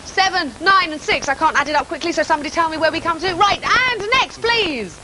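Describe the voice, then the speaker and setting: A woman presenting a lively breakfast TV game, excitable and calling out instructions to contestants. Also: very high-pitched, fairly quick, heavy background noise.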